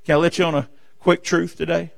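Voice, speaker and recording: A fervent preacher man with a high, gravelly voice delivers a sermon from a church pulpit. He surges into loud, emphatic declarations, then drops to hushed asides, pressing his point again and again. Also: little pitch movement, fast talker. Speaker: pastor. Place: church sanctuary.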